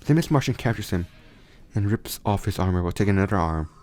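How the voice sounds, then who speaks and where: A man's voice: on the low side, expressive, quick pace, darkish tone, faint music behind. A young man casually retelling a fan story, rambling with frequent restarts and self-corrections.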